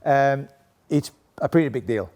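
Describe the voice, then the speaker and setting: A man's voice: mid-range voice, animated, measured pace, darkish tone. A middle-aged man with a Spanish accent, a professor giving a playful, interactive talk to a live audience, often checking in with "okay?". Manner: playful, chatty, tags lines with "okay?". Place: room with a seated audience at desks.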